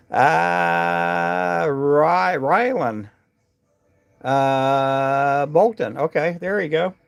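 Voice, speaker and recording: Man, gravelly creaky voice, casual live-stream host, rambling, chatty, lots of ums and restarts, indoors. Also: medium pitch, lively intonation, extremely slow, long pauses. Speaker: livestream host tying fishing jigs.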